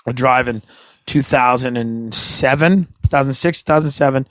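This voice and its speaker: A man hosting a podcast, telling rambling stories in casual chat, animated and laughing, slipping into silly voices for his friends. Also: mid-range voice, moderate pace, no room sound. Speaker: podcast host.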